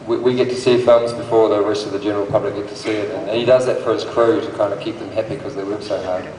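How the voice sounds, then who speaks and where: A man's voice: lowish voice, flat delivery, fast talker, crowd noise. A male actor on a convention panel, chatting and laughing as he explains to the audience. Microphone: phone recording from the audience. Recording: echoey hall from far off, faint noise.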